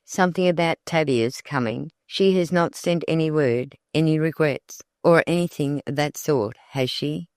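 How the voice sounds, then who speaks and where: A narrator reading the part of Mrs White, a motherly aunt who fusses gently. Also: medium pitch, normal speed, few pauses, no room sound, clean studio sound, close to an everyday voice. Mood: fussing.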